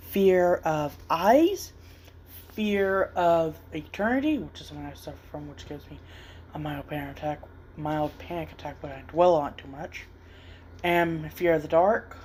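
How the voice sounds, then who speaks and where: A man's voice: high voice, a little mellow, a little hiss or hum. A man hosting a casual drawing vlog, rambling and hesitant with lots of fillers. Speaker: art channel host.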